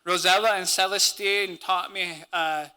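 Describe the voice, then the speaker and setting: A man's voice: high voice, fairly even intonation, unhurried, bright, forceful tone, clear, resonant tone. A man from Montana giving an earnest, conversational talk at a language symposium as a speaker and language teacher, dropping native-language words into his English. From Montana, USA. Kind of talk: conference talk.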